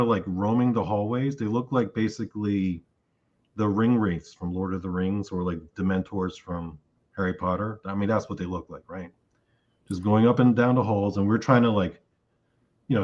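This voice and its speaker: Low-voiced man telling a vivid story. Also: moderate pace, muffled recording. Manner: animated retelling of a dream, acting out his own lines. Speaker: interview guest. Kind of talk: casual storytelling.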